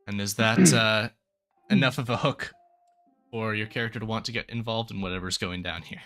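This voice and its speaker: A man narrating a tabletop game as its game master in a lively way. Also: on the low side, brisk, faint music behind.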